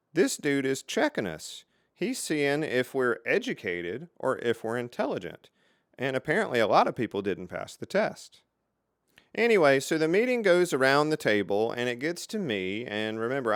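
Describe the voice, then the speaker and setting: Middle-aged male vlog host; animated, clear-voiced storyteller, dry close-miked delivery. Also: medium pitch, no echo. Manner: lively, animated storyteller with dramatic pauses. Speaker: vlog host telling career stories. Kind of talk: casual storytelling to camera.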